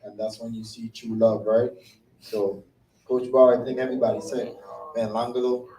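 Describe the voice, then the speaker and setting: A man's voice: medium pitch, level tone, moderate pace, warm tone. A middle-aged man with a Virgin Islands accent, the emcee of a tribute event, speaking casually and from the heart in dialect grammar. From Saint Croix, U.S. Virgin Islands. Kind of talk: unscripted tribute speech. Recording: echoey room from far off.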